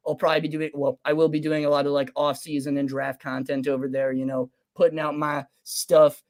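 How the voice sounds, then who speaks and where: A young man co-hosting a sports podcast, talking casually and ranting with loud emphasis and swearing. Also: medium pitch, level tone, fast, few pauses. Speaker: podcast co-host.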